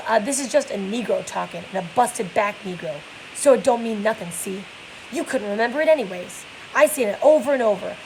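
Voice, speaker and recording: A woman's voice: fairly high pitch, a little mellow, a little hiss or hum, lightly acted, rough recording. A woman reading the lines of a weary, bitter middle-aged male stable hand in a plain read-aloud voice.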